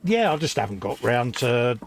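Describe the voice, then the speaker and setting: Male co-host, a gravelly voice, and a laid-back, teasing delivery. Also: medium pitch, very animated, moderate pace, noisy background. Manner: laid-back, banters and teases. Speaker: co-host of a model-building live stream. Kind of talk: casual chat.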